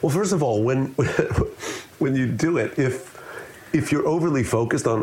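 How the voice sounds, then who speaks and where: A man's voice: mid-range voice, normal speed. A man explaining public speaking as an interview guest, talking expressively and demonstrating different ways of saying things. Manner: expressive, demonstrates with shifting delivery.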